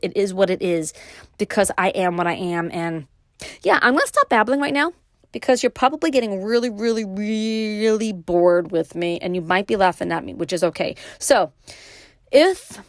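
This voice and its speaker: A middle-aged woman with a Brooklyn accent hosting her own podcast, talking alone in a casual, rambling way with many pauses and restarts. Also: medium pitch, expressive, dry recording, studio quality. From New York. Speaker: podcast host. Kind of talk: casual solo podcast monologue.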